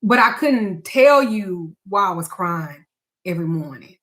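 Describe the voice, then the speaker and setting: A woman's voice: medium pitch, expressive, unhurried, a bit bright. A woman speaking to her audience as a spiritual advisor and tarot reader, frank and emphatic, with blunt swearing. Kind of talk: candid talk to camera.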